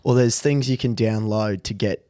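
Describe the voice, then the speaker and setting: Laid-back low-voiced Australian man. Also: normal speed, mellow, no room sound, clean studio sound. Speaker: podcast co-host. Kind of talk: casual chat.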